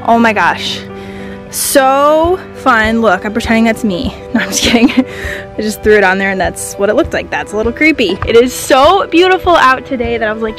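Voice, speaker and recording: Bubbly young Midwestern woman, higher voice. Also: moderate pace, faint music behind. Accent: Midwestern American. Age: young adult. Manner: bubbly and effusive, gushing with excitement. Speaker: vlogger. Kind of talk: casual vlog talk to camera.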